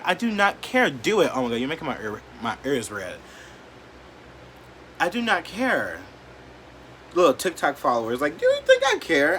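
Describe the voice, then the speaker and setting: A man vlogging an emotional rant to camera, blunt and profane, leaning on "like" and swinging between quiet, hurt lows and loud, defiant outbursts. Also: slight background noise. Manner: blunt, profane and heated, heavy use of "like".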